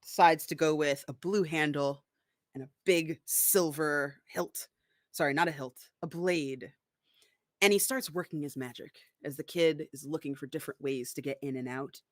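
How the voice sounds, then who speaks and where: A woman narrating an improvised story in a casual, lively way. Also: sits low, moderate pace, no echo, clean studio sound.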